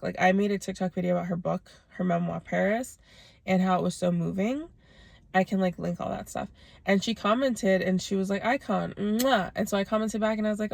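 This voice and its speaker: A woman's voice: medium pitch, gravelly, a little mellow, no echo. A young woman vlogger telling a long personal story in a chatty, casual way, full of "like" fillers.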